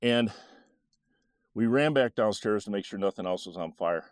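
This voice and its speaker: A man in his sixties recounts a memory from his boyhood in a low voice, pausing often with "uh" and soft chuckles. The sound is dry and close, with no room around it. He talks in a relaxed, unhurried way. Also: no echo. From Michigan, USA. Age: 60s. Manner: halting, with many "uh" fillers and soft chuckles. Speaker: storyteller. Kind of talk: casual personal storytelling.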